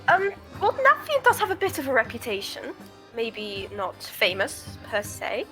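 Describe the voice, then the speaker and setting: A woman playing a tabletop game, speaking in character in a measured, wry way. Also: fairly high pitch, wildly swooping pitch, fairly bright tone, faint music behind, rough recording. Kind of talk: casual in-character play.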